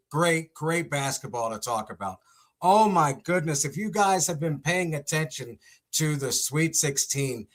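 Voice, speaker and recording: An excitable young man hosts a casual sports segment, full of exclamations. His voice sits a little on the high side.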